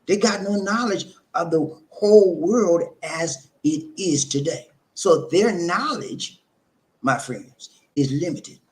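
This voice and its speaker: Preachy man with a lively voice. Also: a little high, takes it slowly. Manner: preachy, repetitive, addresses viewers as friends. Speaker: host of a relationship channel. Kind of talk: live-streamed advice talk.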